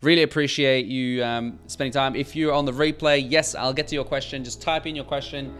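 A middle-aged photographer hosting a casual live Q&A, reading out viewer comments in a chatty, earnest way with frequent restarts. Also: male voice, mid-range voice, steady tone, a little fast, a bit bright, smooth. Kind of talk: casual livestream chat.

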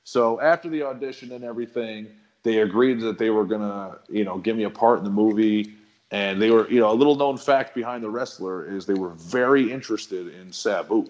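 A middle-aged man telling a long story in a relaxed, rambling, slangy way as a guest on a chat show. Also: lowish voice, a little fast, lo-fi sound. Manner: rambling, laid-back, slangy. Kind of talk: casual storytelling.

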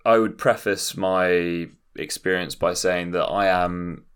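A man's voice: deep voice, steady tone, takes it slowly, smooth. A man co-hosting a podcast, speaking in an articulate, wordy, self-deprecating way. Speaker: podcast co-host. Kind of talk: casual chat.

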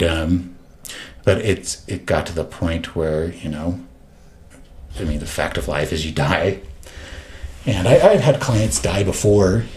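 A man who used to work in homeless services, telling stories in a casual, earnest and halting way. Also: sits low, a little mellow. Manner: earnest, halting, often restarts. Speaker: former homeless services worker. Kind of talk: casual storytelling.

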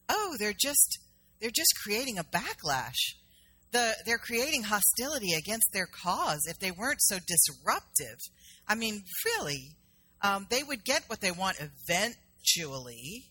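A woman's voice: on the low side, pushed and bright. A middle-aged woman minister from South Carolina giving a sermon in a conversational storytelling manner, acting out the dialogue in her stories.

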